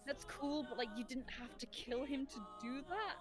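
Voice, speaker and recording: A woman's voice: sits high, normal speed, over music. Chatty woman rambling with laughs. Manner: rambling storyteller, laughs often. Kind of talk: casual chat.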